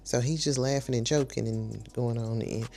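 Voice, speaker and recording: A woman's voice: a bass voice, steady tone, moderate pace, gravelly, mellow, soft background music. Chatty woman recapping reality TV. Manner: chatty, slangy, scolds the people on the show. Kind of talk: casual recap commentary.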